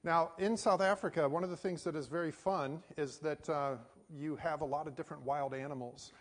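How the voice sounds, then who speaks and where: Folksy American pastor in echoing hall. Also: male voice, on the high side, steady tone, brisk. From United States. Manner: folksy storytelling with many fillers. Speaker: missionary pastor. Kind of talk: sermon with personal story. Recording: hall reverb.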